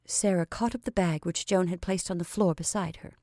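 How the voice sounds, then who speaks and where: A woman narrating a classic story in a measured, expressive reading. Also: lowish voice, no echo, studio quality.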